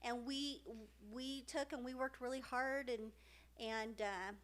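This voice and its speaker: A middle-aged woman co-hosting a casual podcast, speaking in a rather high voice. She talks with feeling, pausing and restarting often, and fills the gaps with soft fillers. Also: fairly even intonation. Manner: emotional, halting, many fillers and restarts. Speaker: podcast co-host. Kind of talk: heartfelt casual podcast chat.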